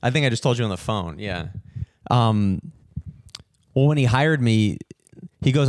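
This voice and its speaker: A young man hosting a podcast, telling a story in an animated, swearing rant and mimicking people in higher voices. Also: a little slow, dry recording, studio quality. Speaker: podcast host, comedian.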